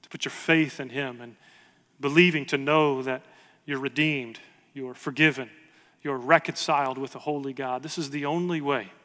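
A man's voice: medium pitch, steady tone, moderate pace, pushed and bright. Earnest male pastor in a big hall. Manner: earnest, building to emphatic repetition. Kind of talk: sermon. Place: large church hall. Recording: long reverb of a large hall.

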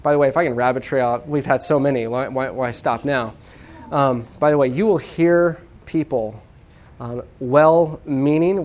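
Lively preaching man, animated delivery. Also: fairly high pitch. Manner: lively, humorous, acts out voices of people; talks to the audience with many "okay?" checks. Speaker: pastor teaching on evangelism. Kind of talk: sermon.

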